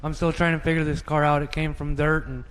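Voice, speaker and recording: A man speaks quickly in an even, flat tone after his race. His voice sits a bit high, and he keeps it matter-of-fact. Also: slight background noise, rough recording. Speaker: race car driver on safety crew. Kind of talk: post-race interview.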